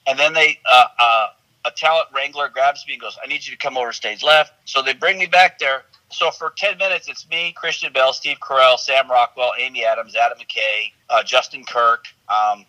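A man, an actor guest, telling animated, rambling stories in casual chat with frequent restarts. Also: mid-range voice, moderate pace, rough recording.

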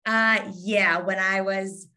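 A woman's voice: medium pitch, steady tone, slow, pushed and bright. A woman in her thirties from Kentucky with a light Southern twang, talking casually as an interview guest in a sarcastic, witty way with lots of ums. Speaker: guest, Instagram influencer.

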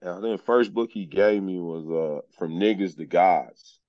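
A man's voice: low voice, normal speed, no echo, lo-fi sound. A man, a podcast guest, telling his life story in a laid-back, frank way and often saying "man". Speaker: podcast guest, journeyman lineman. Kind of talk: casual storytelling interview.

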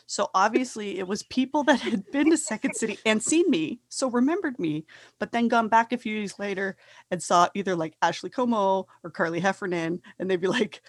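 A woman's voice: mid-range voice, fairly quick, dry recording. A woman with a Canadian accent, hosting a podcast and telling stories in casual chat, acting out the people she quotes. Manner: lively storytelling, acts out quotes. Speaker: podcast host.

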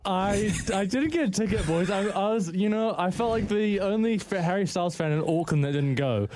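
A man, calling in to a radio show. He talks haltingly in a self-deprecating way, stuttering over his words, in a slightly high voice. Faint clicks sit under the line. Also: animated, a little mellow, slight background noise. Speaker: caller. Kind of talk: casual chat.

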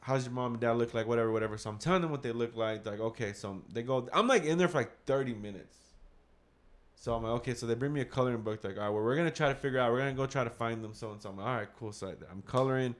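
A man telling a casual story to his partner, rambling and full of "I was like." He acts out his past thoughts in his own plain voice, with a pitch that sits in the middle for a man. He swears now and then. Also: rapid-fire. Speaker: father.

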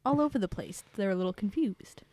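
A woman playing a vampire character in a tabletop horror game, speaking calmly and deliberately. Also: medium pitch. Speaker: player voicing vampire character. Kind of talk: tabletop role-play.

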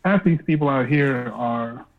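A man's voice: mid-range voice, a little slow. A man chatting casually in a laid-back, blunt way, with casual swearing. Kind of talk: casual chat. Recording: phone-like line.

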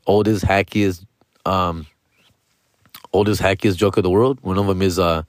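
A man's voice: low voice, lively intonation, moderate pace, long pauses, no room sound. A man talking casually to camera from his room, slangy and profane, calling his listener "dog" and "fool" and dropping into Spanish mid-sentence. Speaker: vlogger. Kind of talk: casual personal monologue.

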